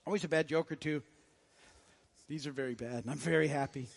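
A man's voice: fairly high pitch, a little fast, vocal fry, big-room sound. A man preaching a sermon as pastor, conversational and jokey, with frequent restarts. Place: church sanctuary.

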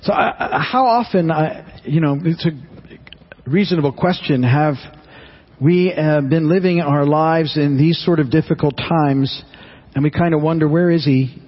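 A man's voice: fairly high pitch, moderate pace, lo-fi sound. A man preaching a sermon in an earnest, conversational way, often restarting and repeating his words. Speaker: pastor.

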